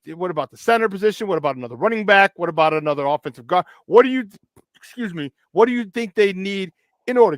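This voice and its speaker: A man's voice: sits high, dry recording. A man hosting a sports talk show, emphatic and questioning in casual chat. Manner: emphatic, keeps asking "all right?"; asks rapid questions.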